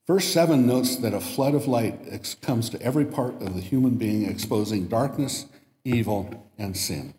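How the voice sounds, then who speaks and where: A man's voice: medium pitch, normal speed, warm tone. A man giving a sermon in a church and reading a story aloud, lifting his voice for the quoted lines. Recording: echoey hall with long reverb.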